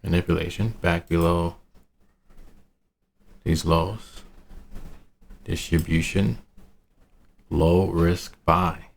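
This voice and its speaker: A man's voice: sits low, fairly even intonation, takes it slowly, vocal fry, pauses often. A man in a casual, rambling screen-share market review who talks to himself, uses city slang and laughs at his own asides. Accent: American urban slang. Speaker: trading analyst.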